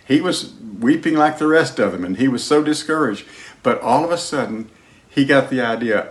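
A man preaching a sermon as pastor, emphatic, moving between loud declarations and hushed lines. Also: mid-range voice, lively intonation, normal speed. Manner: sings hymn lines.

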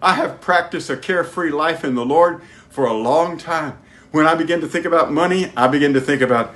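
A man preaching a sermon, asking his listeners direct questions and swinging between loud emphatic highs and hushed low prayer. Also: normal speed.

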